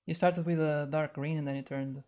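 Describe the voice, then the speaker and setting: A woman with a low voice talks casually to her live stream viewers about cosplay plans. She sounds flustered and slightly out of breath, and she trips over her words and restarts often. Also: fairly even intonation, moderate pace, dark tone. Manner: chatty, flustered, stumbling restarts.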